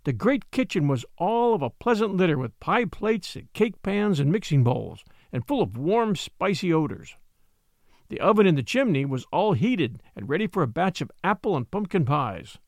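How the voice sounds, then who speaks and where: A man reading an old storybook tale aloud, narrating in an expressive, unhurried way. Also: high voice, no echo, studio quality.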